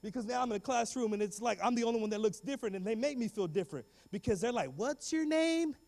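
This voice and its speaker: A man with a notably high voice gives a motivational talk to students, animated and full of street slang. He acts out other people's voices as he tells his story. The sound rings with the long echo of a big hall. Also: rapid-fire, gravelly. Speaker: guest speaker.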